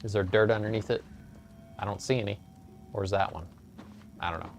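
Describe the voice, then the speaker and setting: A man giving relaxed, joking commentary while playing a video game, with frequent "uh"s. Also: lowish voice, brisk, a little hiss or hum. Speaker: let's play host. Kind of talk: casual gameplay commentary. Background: game music.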